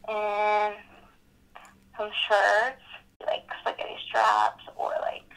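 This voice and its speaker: A woman's voice: mid-range voice, monotone, extremely slow, vocal fry, a bit bright, smooth. A young adult woman chatting casually with a friend on a phone call, blunt and rambling.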